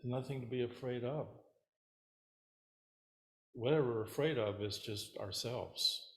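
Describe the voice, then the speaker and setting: A man as Zen teacher giving a dharma talk in a relaxed, rambling, hesitant way, at a meditation center. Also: medium pitch, measured pace. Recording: roomy hall echo.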